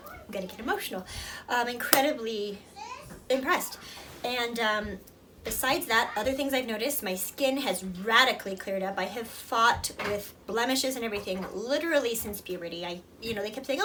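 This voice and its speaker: A mother of toddler twins gives a heartfelt product review to camera in a medium-pitched, fairly bright voice. She's earnest and emotional, rambling with fillers, and the distant mic picks up clear background noise.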